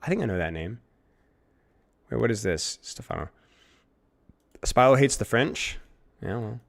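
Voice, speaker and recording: A male streamer chatting and joking with teammates while playing, excitable and prone to sudden yelps. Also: mid-range voice, measured pace, gravelly. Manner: excitable, jokey, swings into yelps. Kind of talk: casual gaming stream chat.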